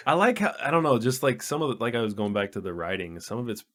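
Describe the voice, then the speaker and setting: With a medium-pitched, slightly bright voice, this movie podcast co-host laughs a lot as he casually recounts funny scenes in a relaxed review conversation.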